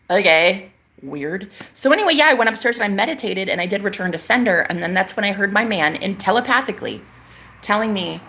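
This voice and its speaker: A woman's voice: mid-range voice, lively intonation, normal speed, sharp tone. A young woman talking to her followers as a psychic vlogger, emphatic and slangy, swearing freely as she preaches about spiritual matters. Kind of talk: casual spiritual vlog monologue.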